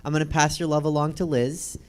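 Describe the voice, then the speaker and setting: A woman's voice: deep voice, flat delivery, fairly quick, over a noisy crowd. A woman hosting a comedy talk show, joking in a dry way and introducing guests.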